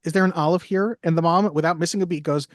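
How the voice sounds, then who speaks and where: Guy cohosting a movie podcast, jokey and wry, a bit higher voice, dry close sound. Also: steady tone, fast, dry recording. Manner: wry, jokey, quotes lines in little voices. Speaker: podcast co-host. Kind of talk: casual chat.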